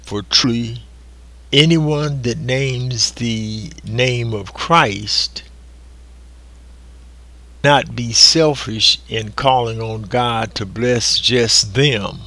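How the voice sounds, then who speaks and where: Slow, deliberate preacher man. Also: mid-range voice, sharp tone, no echo. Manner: slow and deliberate, drawn-out emphasis. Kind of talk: recorded sermon reading.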